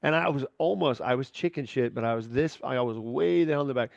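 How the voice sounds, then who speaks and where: A man's voice: medium pitch, a little fast, creaky, dry recording, dull audio. Rambling, cursing podcast man. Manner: rambling, candid, swears freely, many restarts. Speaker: podcast host. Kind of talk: casual podcast chat.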